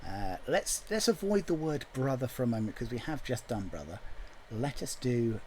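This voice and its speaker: A man's voice: medium pitch, big pitch swings, normal speed, a little mellow, slight background noise. A man chatting casually as he writes a song, thinking aloud in a jokey, self-deprecating way. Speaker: songwriter. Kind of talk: casual chat while writing a song.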